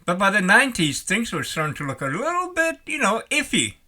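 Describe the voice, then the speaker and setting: A retired older man rambling in a folksy, animated way as he talks to his vlog audience. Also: high voice, fairly quick. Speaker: vlogger. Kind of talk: casual vlog talk.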